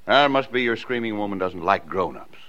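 An actor playing a patient small-town father in a 1940s radio play, talking gently and mildly teasing. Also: fairly low pitch, animated, fairly quick. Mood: fond. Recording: dull, hissy 1940s radio broadcast.

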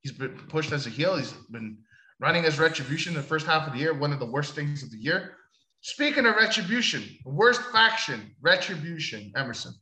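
Animated man with a bright voice. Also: on the high side, fairly quick, reverberant, poor audio. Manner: animated, swearing, jokey. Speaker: podcast co-host. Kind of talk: casual chat.

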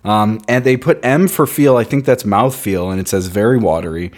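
A man with a somewhat low voice co-hosts a podcast, reading reviews aloud in casual chat. His delivery is wry and sarcastic, with an easy, offhand manner. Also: normal speed. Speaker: podcast co-host.

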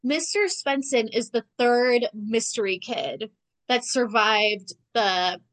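A woman's voice: fairly high pitch, slow, a bit bright, poor audio. A young woman co-hosting a casual podcast, recapping a TV episode in a chatty, sarcastic way, full of "like". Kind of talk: casual chat.

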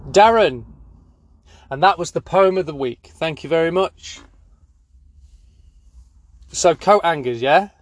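A man hosting a spoof news segment, rambling deadpan with many fillers. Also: a little high, no room sound. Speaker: comedy news host.

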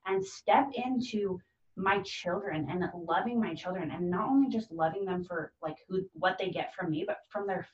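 An earnest mother talks casually in an echoey room, her lowish voice moving at a moderate pace. She speaks heartfelt and sincere, acting out the voices of people she quotes. The recording sounds dull and distant, with lots of room echo.

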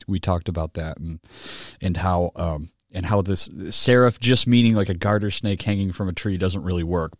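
A man's voice: no echo, studio quality. A man, a pastor, preaching a conversational sermon-style Bible study, often checking in with his listeners and reading passages aloud with rising emphasis. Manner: conversational, with tag questions and gentle humor; rises in pitch and volume when reading a quoted book aloud.

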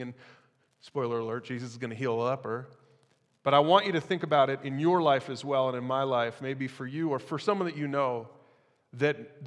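A man's voice: medium pitch, fairly bright tone, long reverb tail. A man preaching a sermon as pastor, in a conversational style with casual asides to the congregation.

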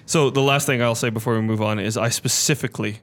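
Upbeat podcast host, mid-pitched man. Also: fairly even intonation, quick pace. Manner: upbeat, laughs often, steers the talk. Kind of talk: casual podcast chat.

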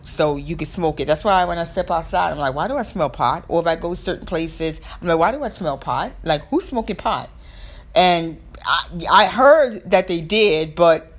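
A young woman with a Southern American accent hosts her own podcast in a relaxed, chatty way. Her voice sits a little low for a woman. She rambles, doubles back and fills the pauses with "um" and "like.". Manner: chatty, rambling, frequent fillers and restarts. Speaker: podcast host. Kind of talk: casual solo podcast talk.

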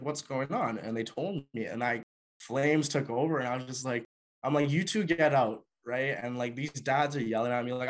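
A young man from Canada tells a personal story from his hockey years. He talks loosely and conversationally, with plenty of filler words. His voice sits at an ordinary middle pitch for a man. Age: young adult. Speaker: former hockey player.

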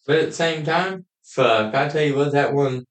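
A man co-hosting a podcast, talking fast in a folksy, profane way during casual banter. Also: a little high. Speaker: podcast co-host. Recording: echoey room.

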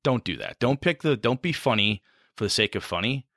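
A man's voice: mid-range voice, lively intonation, brisk, a bit bright, no echo, clean studio sound. A man talking casually on a podcast about running tabletop games, rambling and self-deprecating.

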